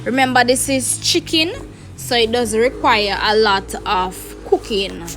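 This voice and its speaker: A woman's voice: on the high side, measured pace, a bit bright, soft background music, low-quality recording. A Jamaican woman hosting a cooking video, explaining each step to viewers in a chatty way from her kitchen. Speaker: cooking channel host. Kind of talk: casual cooking demonstration.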